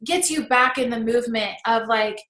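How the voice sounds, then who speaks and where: A woman's voice: fairly high pitch, normal speed, a bit bright, roomy sound, low-quality recording. A woman in her thirties giving a chatty, encouraging motivational talk to camera as a coach. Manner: chatty and encouraging, laughs often.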